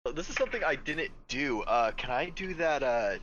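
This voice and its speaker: A woman plays a tabletop game in a casual, wry way. Her voice is low yet very animated in its ups and downs. She reads out rules and fires back dry remarks. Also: normal speed, dull audio, slight background noise. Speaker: player.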